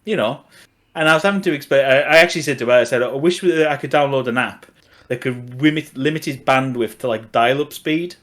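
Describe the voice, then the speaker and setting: A man's voice: medium pitch, fairly quick, fairly bright tone. A middle-aged man with an Australian accent, co-hosting a casual podcast chat, rambling and laughing often. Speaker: podcast co-host.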